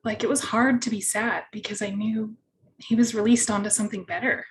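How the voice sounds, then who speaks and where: A woman's voice: fairly high pitch, fairly even intonation, a little fast, a little hiss or hum. A woman hosting an interview, talking earnestly and telling personal stories with plenty of fillers. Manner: earnest, relatable storytelling with many fillers. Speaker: host. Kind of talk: conversational interview.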